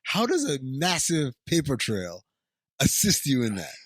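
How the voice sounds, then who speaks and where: Male podcast co-host, lively swooping pitch, dry mic, sarcastic rambling commentary. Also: a little slow, no room sound. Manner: sarcastic, animated, rambling asides. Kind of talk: casual chat, sarcastic commentary.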